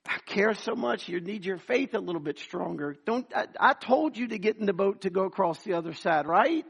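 A man with a high voice preaches to his congregation. He calls out to the people and acts out the voices of the people in his sermon. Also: expressive, brisk, creaky, slightly rough. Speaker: pastor.

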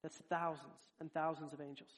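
A preacher with a notably high voice delivers a sermon in a level tone at a fairly quick pace. Earnest and direct, he speaks to his congregation as though talking with each person individually.

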